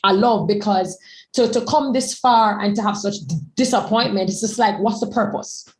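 A woman's voice: medium pitch, moderate pace, a little mellow, poor audio. A woman guest speaker in a candid conversation, talking emphatically and repeating words as she gathers her thoughts.

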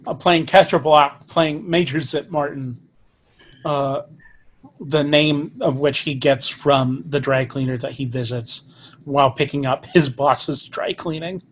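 A man's voice: on the high side, steady tone, a little slow, a little hiss or hum. A man co-hosting a podcast, summarizing a film's plot and joking with mock seriousness. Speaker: podcast co-host. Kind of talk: casual movie review chat.

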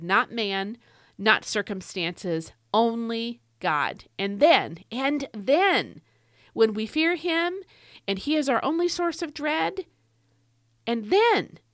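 A woman's voice: fairly high pitch, dry recording. A woman hosting a devotional podcast, teaching Scripture in an earnest, emphatic way and repeating her key phrases. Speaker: podcast host.

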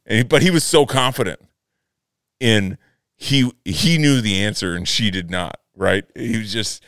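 Deep smooth-voiced man, casual chat. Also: a little slow, a bit bright, no room sound, clean studio sound. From United States. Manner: laid-back, swears freely, laughs often. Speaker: podcast co-host.

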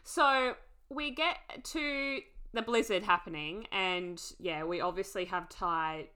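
A woman co-hosts a casual TV recap, bright and forceful in tone. She chats freely, laughs easily and drops the odd curse. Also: medium pitch, takes it slowly, clear, resonant tone. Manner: chatty, laughs often, swears casually. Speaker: podcast co-host.

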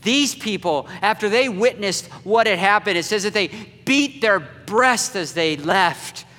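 Slow dramatic preacher man in an echoey hall. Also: high voice, animated. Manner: slow and dramatic, swinging from loud to hushed. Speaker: pastor. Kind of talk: dramatic sermon storytelling. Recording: echoey hall with long reverb.

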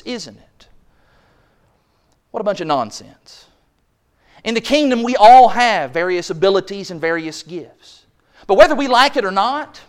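A man's voice: very high voice, fairly bright tone. A man preaching a sermon from a church pulpit, building rhetorical questions and acting out mock quotes from others. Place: church sanctuary. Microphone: pulpit microphone.

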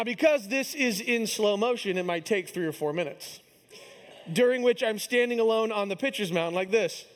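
Speaking in a high-sitting voice that trails off into a long reverb, a thirtysomething pastor from around Kansas City, US, delivers a sermon. He leans on storytelling and self-deprecating humor, with his young son as the subject of the funny anecdotes.

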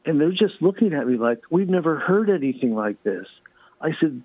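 Husky man over a tinny line. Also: fairly high pitch, sing-song, moderate pace, no echo. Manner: fervent, repeats and restarts. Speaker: guest. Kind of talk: storytelling testimony in a talk show.

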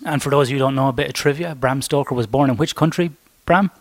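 A man's voice: mid-range voice, fast. A man with an Australian accent hosting a podcast interview, asking chatty, curious questions. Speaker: podcast host.

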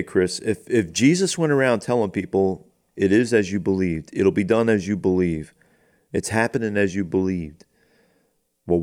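A man co-hosting a faith podcast as its pastor, reading and explaining scripture in a relaxed, conversational way and thinking aloud as he goes. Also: low voice. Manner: conversational, thinks aloud, acts out quoted lines.

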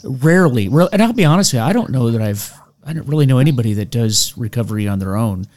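A man hosting a podcast, telling stories in a casual, self-deprecating way. His mid-height voice swings widely in pitch as he talks, and he laughs often. He peppers his sentences with "you know" and starts them over. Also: sing-song, quick pace, a little mellow. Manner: frequent restarts and "you know". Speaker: podcast host. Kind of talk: casual storytelling interview.

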